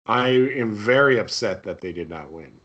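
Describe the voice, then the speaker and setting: A man's voice: on the low side, lively intonation, moderate pace, fairly bright tone, dull audio. A man co-hosting a podcast in casual chat, enthusiastic and laughing as he recounts favorite scenes. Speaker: podcast co-host.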